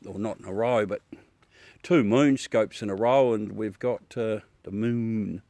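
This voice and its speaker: A man's voice: lowish voice, a little slow, mellow, no room sound. An Australian man hosting a casual live chat with viewers from his backyard at night, swearing freely and laughing often. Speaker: livestream host.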